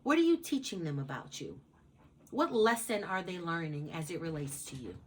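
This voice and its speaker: A woman's voice: fairly low pitch, big pitch swings, moderate pace, slight background noise. A woman hosting an advice channel, giving a casual motivational talk in a blunt, emphatic way, swearing freely and repeating her points for emphasis.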